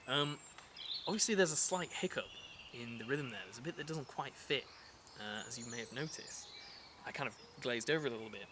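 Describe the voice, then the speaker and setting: A man teaching verse in a relaxed, conversational way, at an ordinary pitch. He often pauses to fill gaps and rephrase. The recording has a clear layer of background noise with birds and insects. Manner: relaxed and chatty, with frequent fillers and restarts. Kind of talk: casual explanatory lesson.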